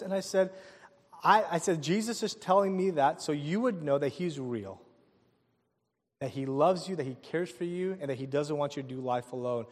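A man preaching a sermon, telling a personal story with animated delivery, asking the crowd questions and chuckling often. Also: a little high, moderate pace. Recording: long hall reverb.

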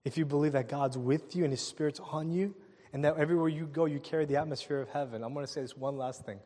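A male pastor preaching a sermon, telling a personal story in an animated way and acting out the people in it. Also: on the high side, fast talker, in a large hall. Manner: animated storytelling with laughs and quoted voices.

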